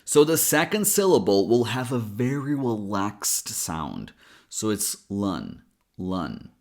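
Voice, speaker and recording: Male pronunciation coach, mid-pitched, plain and direct, breaks words down slowly. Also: big pitch swings, darkish tone. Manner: direct, explains sounds slowly and models them. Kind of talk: pronunciation lesson.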